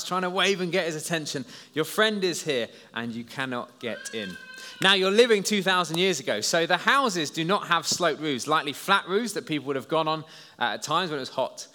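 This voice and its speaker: Male preacher, animated storyteller, bright tone, echoing church hall. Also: fairly high pitch, a little fast. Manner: lively, storytelling, talks to listeners as "you". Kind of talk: children's talk sermon. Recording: long hall reverb.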